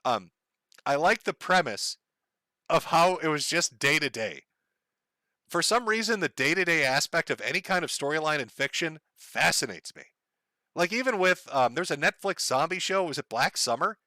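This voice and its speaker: A man chatting loosely on a livestream, rambling from one tangent to the next with plenty of swearing and frequent laughs. His voice is bright and on the higher side, with a very animated pitch. The sound is dry and close. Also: normal speed, dry recording. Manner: rambling, profane, laughs often. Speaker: livestream host. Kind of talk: casual livestream chat.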